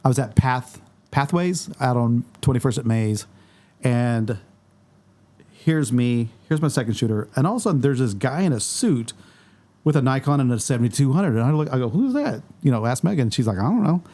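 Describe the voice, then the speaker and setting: A man's voice: medium pitch, fairly quick. A man, a guest photographer in a casual podcast conversation, telling stories and acting out what others said. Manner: storytelling, animated quoting of others.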